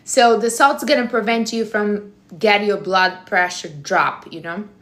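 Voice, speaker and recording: A woman chats casually on a live stream, handing out blunt advice with a teasing edge. Her English has non-native phrasing, and her voice sits at an ordinary middle pitch for a woman. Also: a little slow, a bit bright. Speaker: livestream host.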